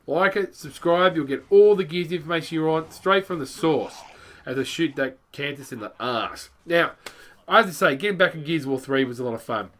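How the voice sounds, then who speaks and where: A man rambling bluntly and excitably over his gameplay, as a gaming YouTuber. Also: fairly high pitch, a little fast. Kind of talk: casual gameplay commentary.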